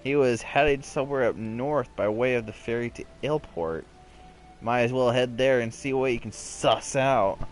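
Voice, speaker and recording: A man's voice: mid-range voice, normal speed, faint music behind, lightly acted. A man reading a video game character's directions aloud in his own voice. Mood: deadpan.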